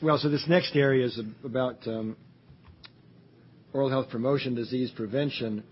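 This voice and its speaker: A man's voice: medium pitch, steady tone, moderate pace. A man leads a panel discussion, hesitant and rambling, with plenty of ums. The sound is muffled, with faint room noise behind him. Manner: rambling, hesitant, many fillers. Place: meeting room.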